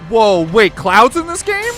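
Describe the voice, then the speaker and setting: Excitable joking male streamer. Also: very high voice, measured pace. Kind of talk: live reaction commentary. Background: game trailer music.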